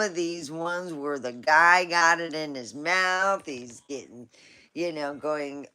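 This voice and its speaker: A woman's voice: low voice, slow pace, bright, forceful tone, clean tone. A woman hosting a live stream, chatting casually in a rambling, folksy storytelling way.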